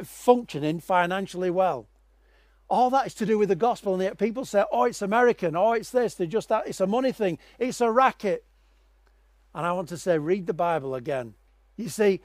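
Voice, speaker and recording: A man preaching a sermon, telling stories dramatically and swinging from quiet, low passages to loud, raised ones. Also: no room sound.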